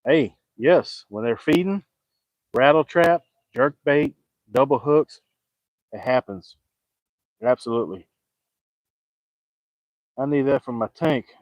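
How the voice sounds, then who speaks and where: A man's voice: mid-range voice, slow, long pauses, dry recording, low-quality recording. A middle-aged man, fishing outdoors and joking as he answers viewers in casual chat. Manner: folksy, joking, talks back to viewer comments. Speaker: fishing vlogger.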